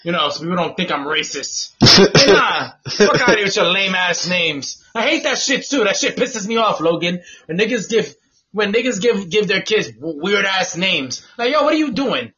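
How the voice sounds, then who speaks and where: A man hosting a casual podcast, ranting loudly and profanely with lots of laughter and repetition. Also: sits high, lively intonation, moderate pace. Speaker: podcast host. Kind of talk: casual comedic rant. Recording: dull lo-fi sound with noise.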